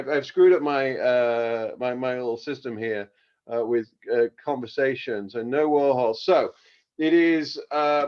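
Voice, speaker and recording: A man hosting a casual radio live stream, talking in a rambling, halting way full of fillers. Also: a little high, muffled recording. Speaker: radio show host.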